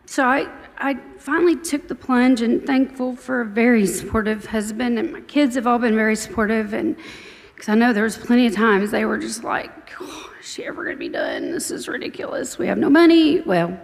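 Woman, 40s, church testimony, chatty storyteller, gravelly fry, echoing church hall. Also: fairly high pitch. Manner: chatty, storytelling, warmly grateful. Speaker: church member giving testimony. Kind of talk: personal testimony.

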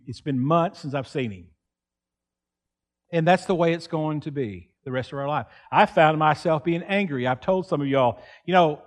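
A man, preaching an earnest sermon in church and acting out quoted pleas. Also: fairly high pitch. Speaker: pastor.

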